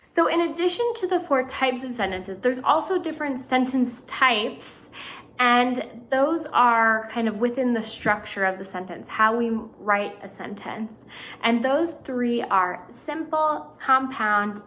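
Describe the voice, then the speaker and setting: Woman teacher explaining sentence types, patient and clear, voice a bit on the high side. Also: fairly bright tone, slight background noise, low-quality recording. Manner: clear, patient explaining with slow read-out examples. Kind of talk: recorded grammar lesson.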